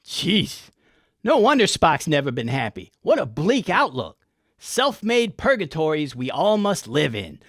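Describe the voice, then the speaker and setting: A man's voice: on the high side, huge pitch swings, moderate pace, a bit bright, dry recording. A man hosting a comic episode review, with irreverent, folksy and profane wit. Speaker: host.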